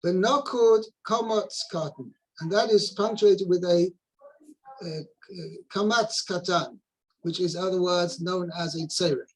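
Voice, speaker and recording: High-voiced man patiently explaining. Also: a little slow, breathy edge, poor audio. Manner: patient, explanatory, with careful step-by-step translating. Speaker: teacher. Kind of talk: explaining a text in a study session.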